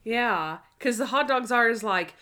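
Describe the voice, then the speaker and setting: A woman talking casually about a TV episode with a friend. She is animated, laughs often and slips into quoted lines. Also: a little high, unhurried, clear, resonant tone. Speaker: podcast co-host. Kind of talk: casual chat reviewing a TV episode.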